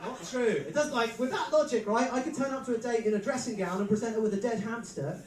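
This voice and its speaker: An English comedy host in his thirties with a high, light voice, spinning dry, self-mocking anecdotes on stage. The sound is roomy and set back from the mic, with a lively crowd reacting behind him. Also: fast talker. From England. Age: 30s. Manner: dry, self-mocking storytelling with frequent laughs. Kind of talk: stand-up comedy hosting on stage. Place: live comedy venue. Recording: roomy live venue mic from a distance. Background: audience crowd reactions.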